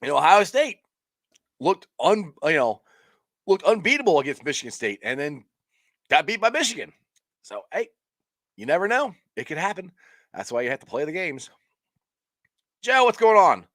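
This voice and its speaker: Excitable man chatting about football. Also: a little high, normal speed, long pauses, no room sound, clean studio sound. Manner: rambling and excitable, frequent restarts and laughs. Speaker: sports talk show host. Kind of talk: casual live-stream sports chat.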